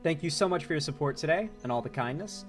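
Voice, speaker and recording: Chatty male stream host, high voice. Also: expressive, fast, soft background music. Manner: laughs often, loose and chatty, reads out viewer donations. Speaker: live-stream commentary host. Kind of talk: casual live-stream commentary.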